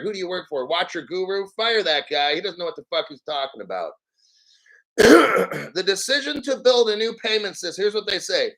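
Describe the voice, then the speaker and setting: A man with a high voice tears into a news story in a profane, combative rant, full of mockery. His tone is sharp and forceful, and he keeps clearing his throat between remarks. He sounds like a crypto vlogger hosting his own channel. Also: rough recording. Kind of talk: ranting commentary on a news article.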